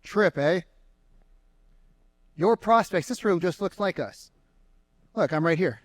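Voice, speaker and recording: A man giving an energetic sales seminar to a live room, firing questions at the crowd. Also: sits high, takes it slowly, no echo. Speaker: sales trainer. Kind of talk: live seminar talk to an audience. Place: meeting room with an audience.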